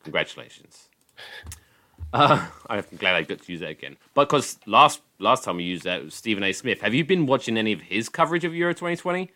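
A man's voice: on the low side, big pitch swings, fast, sharp tone. A man hosting a podcast in casual chat, blunt and sweary, asking wry questions. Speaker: podcast host.

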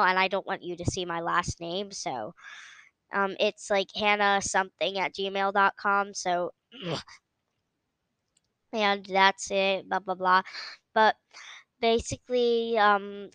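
Woman host, rambling and giggly, smooth voice, dry close sound. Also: mid-range voice, a bit bright, no room sound, low-quality recording. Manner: giggly, trails off with "blah, blah, blah". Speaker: podcast host. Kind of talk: casual rambling chat.

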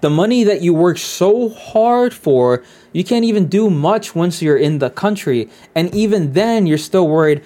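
A man with a fairly high voice chatting on a podcast. He is relaxed and agreeable, drops the odd swear word, and tells anecdotes at an easy pace. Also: measured pace, hardly any pauses. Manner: laid-back, agreeing, storytelling with casual swearing. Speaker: podcast co-host. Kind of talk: casual podcast chat.

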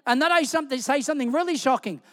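A male preacher delivers a sermon full of humorous stories and lively asides. His voice sits very high for a man, and it rings out with the long reverb of a large church. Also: very fast. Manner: animated storytelling with humor. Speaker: guest pastor.

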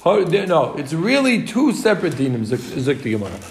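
A man teaching a Talmud class, animated and quick, repeating points for his students. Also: fairly high pitch, a little hiss or hum.

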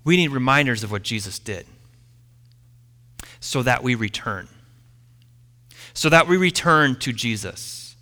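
A man preaching a sermon, retelling a story with dramatic pauses and letting line ends fall quiet. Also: medium pitch, long reverb tail. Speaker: pastor.

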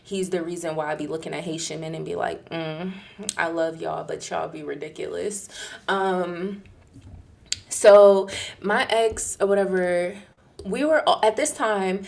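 A young woman telling a casual story in an animated, profane way, acting out the people she quotes. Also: a little slow, vocal fry. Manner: acts out quoted people in a higher, louder voice.

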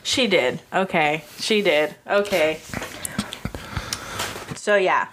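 A woman casually chatting as podcast co-host, telling a story with lively acted-out quotes, frequent laughter and swearing. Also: on the low side, takes it slowly, background noise. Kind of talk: casual chat recapping a TV episode.

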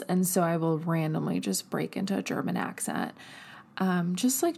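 A woman's voice: lowish voice, moderate pace. A woman hosting her own podcast in a chatty, upbeat monologue, recorded while traveling away from a studio. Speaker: podcast host.

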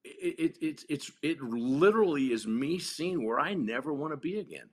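A man's voice: on the high side, expressive, moderate pace. A man telling a story in an interview, blunt and profane, acting out the voices of the people in it. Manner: blunt, profane, acts out quotes with rising intensity. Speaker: podcast guest.

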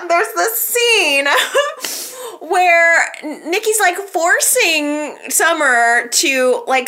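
A woman's voice: on the high side, pushed and bright. A young woman chatting casually as she recaps and comments on a soap opera, gossipy and giggling at times. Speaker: soap opera podcast host.

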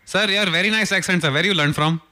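A man's voice: high voice, fast talker, heavy background noise, lightly acted. A man voicing a pushy male bank manager in a radio prank call sketch, speaking broken English and repeating "sir" insistently.

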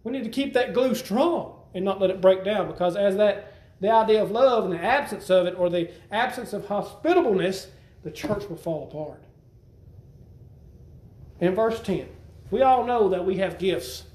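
High-voiced preacher in a roomy church. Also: male voice, animated, moderate pace, darkish tone. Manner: conversational, repeats himself, asks the congregation questions. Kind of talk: sermon.

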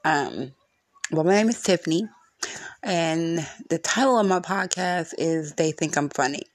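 A woman's voice: sits low, animated, measured pace, dry recording, clean studio sound. A woman hosting her own solo podcast from her room at home, venting bluntly and cursing often in a frustrated rant. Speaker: podcast host.

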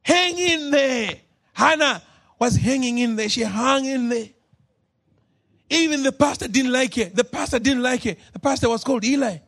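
A man preaching a sermon as pastor, moving between shouted, drawn-out lines and low, quiet asides. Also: vocal fry, breathy edge.

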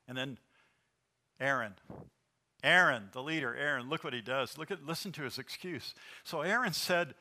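A man preaching a sermon as pastor, animated and asking the congregation questions. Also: medium pitch, normal speed.

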